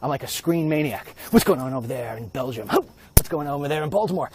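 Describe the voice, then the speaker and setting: A man's voice: on the high side, lively intonation, quick pace, darkish tone, slight background noise. A man hosting a comedic, rambling and sarcastic monologue while walking outdoors at night. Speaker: host. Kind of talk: comedic walk-and-talk monologue.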